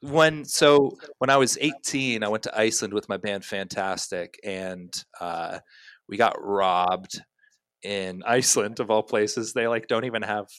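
A man's voice: fairly low pitch, fairly even intonation, measured pace, a bit bright, smooth, no room sound. A young man talking as a podcast guest, telling long anecdotes with plenty of fillers and restarts in a casual chat. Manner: rambling storyteller, many fillers.

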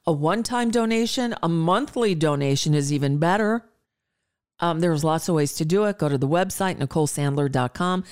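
A woman's voice: deep voice, brisk, a little mellow, clear, resonant tone. A woman in her sixties hosting a talk radio show, chatting in an exasperated, rambling way with frequent restarts and asides. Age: 60s. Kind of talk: casual monologue.

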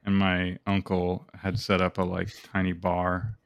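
A man's voice: low voice, completely flat delivery, unhurried, vocal fry, no echo. A young man in casual podcast chat, telling stories in a rambling, profane way with plenty of fillers. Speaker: podcast co-host.

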